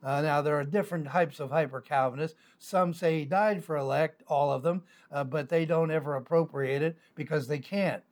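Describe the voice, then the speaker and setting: A man, a pastor teaching a sermon, reading scripture slowly and then arguing it through conversationally with fillers. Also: a little high, fairly even intonation, darkish tone.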